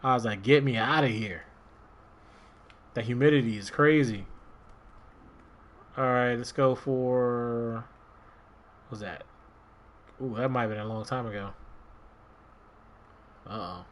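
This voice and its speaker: A man's voice: mid-range voice, a little slow, long pauses, slight background noise. A man from Maryland streaming a game, chatting casually and rambling to himself as he plays. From Maryland, USA. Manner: rambling, relaxed, talks to himself while playing. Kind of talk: casual gameplay commentary.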